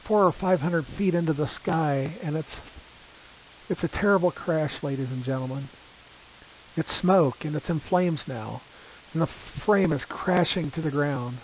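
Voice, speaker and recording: A man voicing a frantic male radio reporter at a disaster, breathless and halting, his voice pitched up in distress. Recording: slightly dull with faint hiss.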